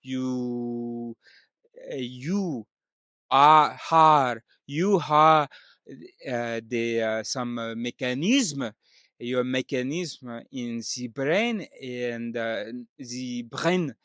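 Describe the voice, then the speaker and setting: A man voicing a middle-aged French father with a put-on French accent, speaking halting broken English full of fillers. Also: medium pitch, fairly bright tone, smooth, no room sound, studio quality. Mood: earnest.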